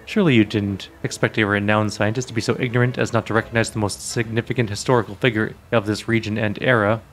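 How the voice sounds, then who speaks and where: A man's voice: fairly low pitch, steady tone, fast talker, soft background music, natural voice. A man voicing a vain, peevish male scholar and alchemist in a game, talking in a haughty, lecturing way. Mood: smug.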